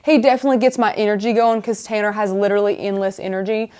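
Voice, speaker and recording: A woman's voice: medium pitch, level tone, quick pace, darkish tone, smooth. A woman hosting a casual craft live stream, chatty and rambling as she talks viewers through the steps.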